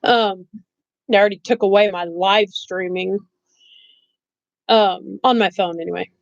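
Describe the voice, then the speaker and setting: A woman's voice: medium pitch, dry recording, highs cut off. A middle-aged woman chatting casually on a live stream, blunt and rambling, laughing often and saying she has no filter. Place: bedroom at home.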